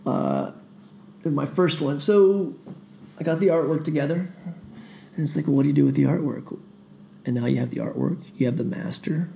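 A man with a deeply gravelly, fry-laden voice and a dark, mellow tone tells stories from his music days. He wanders off on tangents and pokes fun at himself. The talk is loose and unscripted. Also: normal speed, pauses often, slight background noise. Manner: digressive, self-deprecating, many restarts. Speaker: independent musician. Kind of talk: rambling casual monologue.

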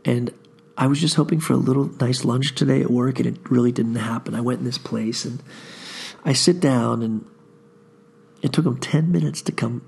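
A man with a heavily gravelly, husky voice talks through a podcast monologue. He sounds worn out and swears freely as he rambles through his day in an easygoing, unhurried way. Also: mid-range voice, darkish tone. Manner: profane, laid-back storytelling. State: tired. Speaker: podcast host.

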